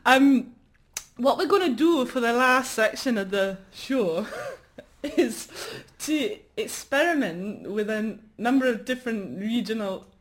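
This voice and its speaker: A woman's voice: on the high side, expressive, slow, slight background noise. A woman co-hosting a live radio show, playful and rambling, who laughs often. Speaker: radio co-host. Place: radio studio.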